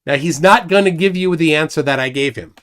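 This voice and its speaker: A man's voice: a little high, a little fast, fairly bright tone. A middle-aged man hosting a casual live stream, joking and rambling with self-deprecating asides.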